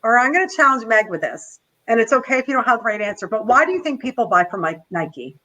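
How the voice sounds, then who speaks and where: A woman delivers an energetic coaching talk over a video call, animated and playful. Her voice is bright and ringing, and it sits a little high. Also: quick pace, rough recording. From not American. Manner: animated and playful, slipping into quoted movie voices. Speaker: guest trainer.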